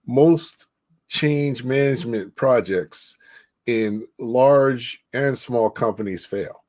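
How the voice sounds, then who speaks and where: A man hosting an interview, speaking in a measured, unhurried way as he sums up and moves on to the next point. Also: medium pitch, darkish tone. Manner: slow, measured, with fillers and restarts. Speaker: host. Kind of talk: interview host commentary.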